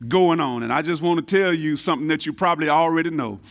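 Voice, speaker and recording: A man preaching a sermon, repeating key phrases and swinging between booming emphasis and hushed asides. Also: fast talker, creaky, hardly any pauses. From Texas, United States. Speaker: pastor.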